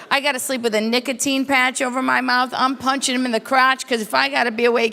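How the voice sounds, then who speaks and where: A woman's voice: high-pitched, fairly even intonation, vocal fry, pushed and bright. A woman doing brash stand-up comedy with crowd work, hosting a corporate welcome night at a hotel conference. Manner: brash, teasing, rapid storytelling. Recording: echoey hall.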